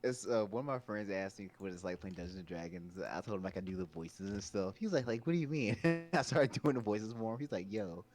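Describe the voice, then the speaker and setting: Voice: sits low, animated, fairly quick, hardly any pauses, a little mellow, faint music behind. A tabletop game player chatting casually and telling a short story about a friend. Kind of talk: casual chat.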